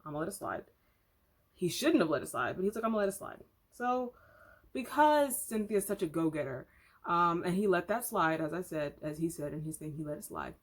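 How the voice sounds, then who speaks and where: A woman's voice: on the low side, expressive, normal speed. A woman vlogger at home retelling an online story in casual commentary, chatty, candid and opinionated. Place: home room.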